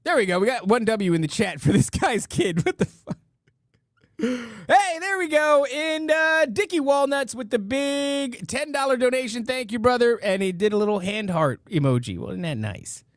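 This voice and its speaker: Clean, studio-recorded with no room sound, a man with a very high, animated voice speaks at normal speed while hosting a casual live stream. Joking around with repeated silly catchphrases, he stammers and starts over whenever he reads out donation amounts.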